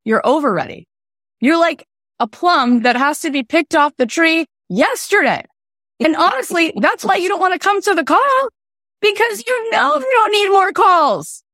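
A podcast host coaches two callers, speaking emphatically and animatedly, and she says "like" and "right?" a lot in her motivational talk. Her very high-pitched voice is unhurried, and the recording is dry.

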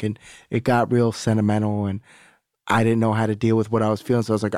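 A man's voice: fairly low pitch, monotone, fast talker, darkish tone, no echo, studio quality. A man guest on a podcast, telling a candid, rambling story with profanity and acting out the other people's lines. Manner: candid, rambling, profane, acts out quoted dialogue. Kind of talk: casual storytelling conversation.

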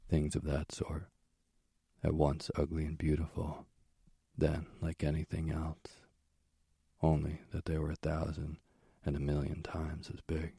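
Very deep gravelly man reading a story. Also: dark tone, no room sound, clean studio sound. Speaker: narrator. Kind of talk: audiobook reading of a myth.

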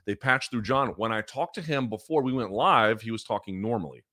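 Low-voiced man hosting a casual podcast. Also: fairly quick, no room sound, clean studio sound. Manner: animated, emphatic, swears freely. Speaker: podcast host. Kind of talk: casual storytelling monologue.

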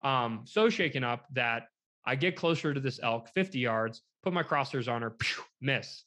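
Young man telling a lively story. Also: mid-range voice, normal speed. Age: young adult. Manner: animated, quotes people in a lively way, lots of "like". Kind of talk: casual storytelling chat.

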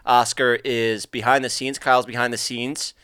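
A man hosting a podcast in casual, loud, joking banter with his guests, swearing freely. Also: medium pitch, little pitch movement, moderate pace, clear, resonant tone, no echo. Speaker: podcast host.

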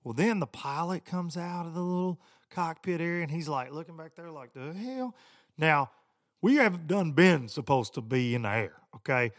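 A man's voice: fairly high pitch, moderate pace, no echo, studio quality. A middle-aged man hosting a podcast, telling a story in a chatty, rambling, self-deprecating way and talking straight to his listeners. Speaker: podcast host.

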